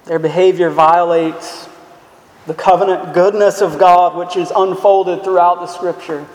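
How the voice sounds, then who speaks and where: A man's voice: high voice, steady tone, unhurried. A man preaching a sermon as a pastor, earnest and emphatic, asking the listeners questions. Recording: echoey hall sound.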